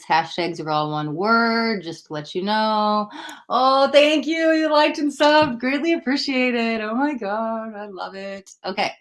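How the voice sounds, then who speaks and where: A woman's voice: medium pitch, a bit bright. A woman hosting a live tarot stream who chats casually with viewers, often giggling and poking fun at herself. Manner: giggly, chatty, self-deprecating. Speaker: livestream tarot reader. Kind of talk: casual livestream chat.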